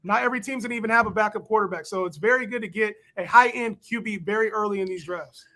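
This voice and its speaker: A man co-hosting a live fantasy football draft stream, explaining picks in excitable, slangy banter. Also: sits high, fast talker. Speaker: podcast co-host.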